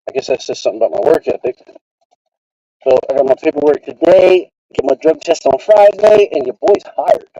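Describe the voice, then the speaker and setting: A man vlogging from his car, telling a casual, profane story in an animated way. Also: fairly high pitch, a little fast, no echo. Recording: dry, slightly dull sound.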